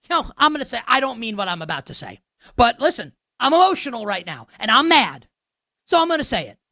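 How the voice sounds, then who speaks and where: A sarcastic, ranting man hosts a sports betting show, his high voice leaping all over the place as he drives home his point with repetition. The tone is bright and sharp, recorded dry with no room sound. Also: very animated, fast, no echo. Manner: emphatic repetition. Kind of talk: heated sports commentary.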